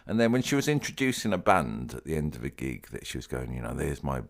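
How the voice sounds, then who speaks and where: A man co-hosting a casual pop music podcast, animated, laughing often and singing snatches of songs. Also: a bass voice, quick pace. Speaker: podcast co-host.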